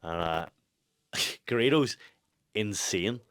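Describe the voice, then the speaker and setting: A young man with a Northern Irish accent, telling stories in casual podcast chat, swearing freely and laughing loudly. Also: fairly low pitch, lively intonation, extremely slow, clear, resonant tone, no room sound, studio quality. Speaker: podcast co-host, boxer.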